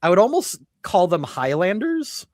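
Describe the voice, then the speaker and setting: Higher-voiced rambling man, casual chat. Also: huge pitch swings, moderate pace, no echo, studio quality. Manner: rambling, lots of "like" and restarts.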